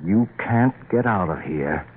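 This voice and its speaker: An actor playing a brooding, impatient husband in an old-time radio drama, gruff and menacing. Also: male voice, fairly low pitch, expressive, a little fast, close to an everyday voice. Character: brooding husband luring his wife underground. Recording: tinny lo-fi old radio broadcast with hiss.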